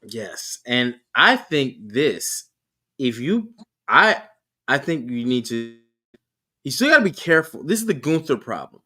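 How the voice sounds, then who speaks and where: A man's voice: mid-range voice, sing-song, unhurried, bright, forceful tone. A young man co-hosting a podcast, casually analysing wrestling and thinking aloud with many restarts and questions. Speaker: podcast co-host.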